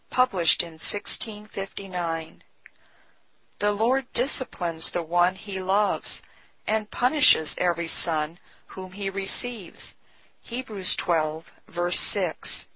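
A woman giving a solemn, measured scripted devotional reading. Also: lowish voice, husky, no room sound. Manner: slow, solemn, measured delivery. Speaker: devotional reader. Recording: dull, dry lo-fi recording.

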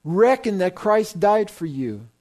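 A man with a notably high voice preaches with firm emphasis. He stresses key words and puts questions to the congregation, waiting for them to answer. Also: very animated, slow pace, dark tone. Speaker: pastor. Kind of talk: sermon.

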